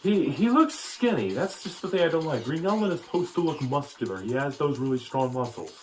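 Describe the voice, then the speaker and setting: A man's voice: fairly high pitch, big pitch swings, a little fast, faint music behind. A man giving a casual, opinionated critique of a cartoon, rambling with frequent restarts. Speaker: video commentator.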